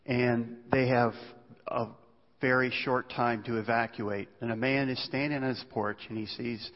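A man's voice: medium pitch, fairly even intonation, normal speed. A male preacher giving a sermon, telling stories in a conversational way and asking the listeners rhetorical questions. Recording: long hall reverb, dull sound.

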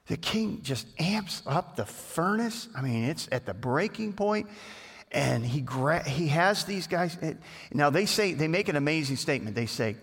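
A male pastor preaches in a chatty, storytelling way that builds into animated bursts. His voice sits fairly high and sounds bright and forceful. A long reverb hangs after each phrase in the church hall. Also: moderate pace, breathy edge. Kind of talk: sermon.

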